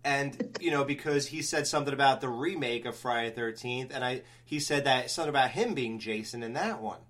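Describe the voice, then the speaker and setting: A man hosting a podcast, telling a long story in casual chat, rambling and animated with many restarts. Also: medium pitch, brisk, a little hiss or hum. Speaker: podcast host.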